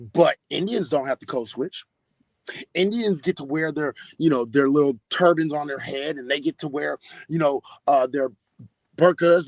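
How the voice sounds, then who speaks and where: Male podcast host, high and raspy, swearing hard, dry close sound. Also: no room sound. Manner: profane, emphatic ranting. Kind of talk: casual podcast commentary.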